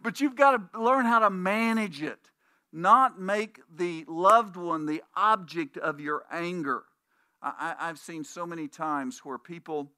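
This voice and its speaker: A man delivers a conversational sermon as a pastor, telling stories and voicing the people in them. His voice is bright and a little higher than most men's. It sounds dry and close, with no room echo. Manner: conversational preaching with anecdotes and restarts; puts on voices when quoting people in stories.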